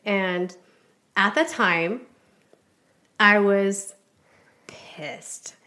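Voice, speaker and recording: A woman's voice: mid-range voice, moderate pace, fairly bright tone. Blunt, frank woman podcast guest. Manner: blunt, frank, swears freely. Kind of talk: candid podcast interview.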